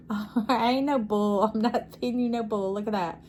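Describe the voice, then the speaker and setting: A woman's voice: fairly high pitch, fairly even intonation, moderate pace, a little mellow, slight background noise. Effusive woman giving a tarot reading. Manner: effusive, preachy, keeps checking in with the listener. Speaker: intuitive tarot reader. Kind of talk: casual spiritual reading to camera.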